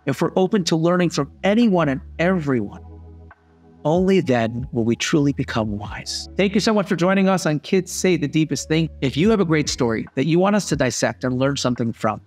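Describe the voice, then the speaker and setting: A man hosting a podcast, giving a reflective spoken lesson in an earnest, measured tone. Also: on the high side, lively intonation, soft background music. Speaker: podcast host and father.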